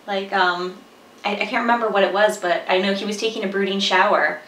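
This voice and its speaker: A woman's voice: mid-range voice, fairly even intonation, fairly quick, a bit bright, a little hiss or hum. A woman co-hosting a casual film review, wry and explanatory, laughing along. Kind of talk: casual chat. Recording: echoey room, voice a bit far from mic.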